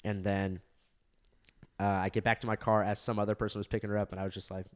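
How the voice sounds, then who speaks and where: A young Southern California comedian who co-hosts a podcast tells a long, rambling story in casual chat, full of fillers, laughter and swearing. His voice sits on the low side with little pitch movement, and he talks quickly in a clear, resonant tone.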